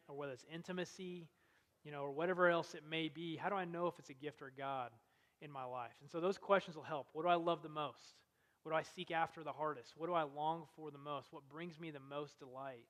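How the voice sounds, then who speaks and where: A man preaches a sermon in an earnest, conversational way, his voice sitting a little high for a man. His delivery swings from loud emphasis down to near-hushed lines. The sound carries a long reverb, like a large hall. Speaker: campus ministry speaker.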